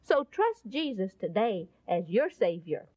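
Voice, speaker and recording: A woman narrating a Bible story in a folksy, expressive way and appealing to the listener. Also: medium pitch, measured pace, heavy background noise. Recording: dull lo-fi recording.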